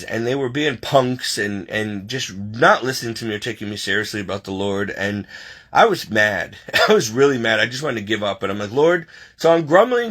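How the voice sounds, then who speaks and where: A man telling a personal faith story in a casual way, animated and emotional, choking up and tearing up as he reads aloud, on a webcam. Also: medium pitch. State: teary. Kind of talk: personal testimony, casual talk.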